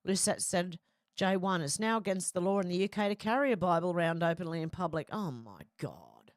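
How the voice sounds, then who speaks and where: A woman's voice: on the low side, animated, a little fast, no room sound, studio quality. A middle-aged woman hosting a casual live chat, reading viewer comments aloud and reacting with frequent laughs. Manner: chatty, laughs often, reads comments aloud.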